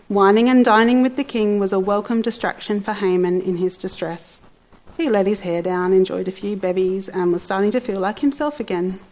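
A woman narrating a story in an expressive, theatrical way with playful asides. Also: mid-range voice, rough recording.

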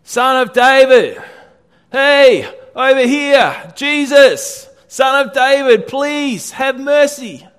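A man voicing a desperate blind male beggar who cries out loudly, pleading for help. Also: very high-pitched, lively intonation, slow, smooth, big-room sound, pitched above the performer's own voice, full character voice.

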